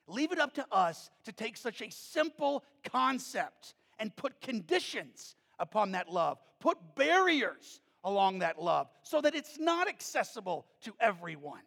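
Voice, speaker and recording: A middle-aged pastor delivers a storytelling sermon, his voice pitched high with a gravelly edge. He swings from quiet reflection to emphatic, driving peaks. The sound carries the long reverb of a large church sanctuary. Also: unhurried, hardly any pauses. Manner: animated, storytelling preacher who rises to emphatic peaks.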